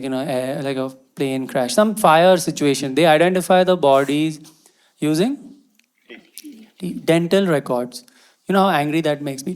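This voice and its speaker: A man doing a stand-up comedy set, with exasperated, incredulous rants and sudden loud outbursts. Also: fairly high pitch. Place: comedy venue, on stage before an audience. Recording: live show with crowd laughter and noise.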